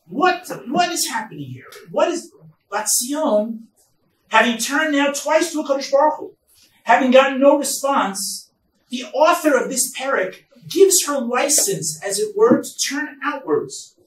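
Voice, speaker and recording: A rabbi giving a Bible lecture at a conference, emphatic, with loud stresses and quiet asides. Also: male voice, very high-pitched, animated, unhurried. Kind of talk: Torah lecture. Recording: echoey hall, distant mic, faint noise.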